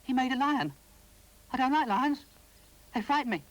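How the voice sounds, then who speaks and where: A man voicing a timid little wooden boy toy in a storybook reading, with a high, meek and apologetic voice. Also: lively intonation, normal speed, rough recording.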